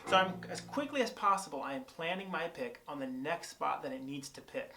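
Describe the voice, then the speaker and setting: A man's voice: on the high side, animated, brisk. A young man casually explaining guitar picking technique, thinking aloud with plenty of fillers and restarts, recorded on an on-camera shotgun mic. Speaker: guitar teacher. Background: guitar playing between phrases.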